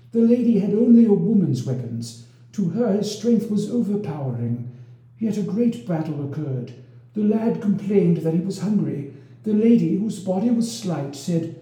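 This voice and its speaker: Brief: expressive male narrator, very animated, roomy echoing room. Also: high voice. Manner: expressive, lively storytelling. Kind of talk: storybook reading of a medieval romance. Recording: roomy echo.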